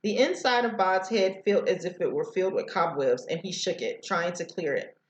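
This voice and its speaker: A woman's voice: lowish voice, moderate pace, echoey room, lo-fi sound. A woman teacher reading a novel aloud to students over a headset, sometimes stumbling over words.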